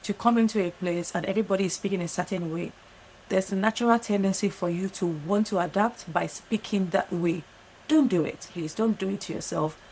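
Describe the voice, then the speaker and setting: A woman with a Nigerian accent giving earnest, fast-talking advice straight to camera, often checking in with "right?". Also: mid-range voice, darkish tone, slight background noise, low-quality recording. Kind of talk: direct-to-camera monologue. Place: lives in London.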